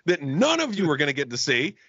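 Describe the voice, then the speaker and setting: A man's voice: on the high side, wildly swooping pitch, fast, a bit bright, slightly rough, no echo, muffled recording. A man co-hosting a comedy podcast over a call, ranting in crude, mock-angry banter. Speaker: podcast co-host. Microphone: remote call mic.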